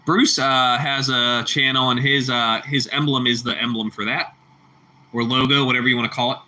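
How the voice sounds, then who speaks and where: A man's voice: mid-range voice, flat delivery, moderate pace, pushed and bright. A man hosting a casual livestream and chatting with viewers. He laughs easily, repeats himself, and calls people bro and bucko. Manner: laughs a lot. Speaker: livestream host reading chat.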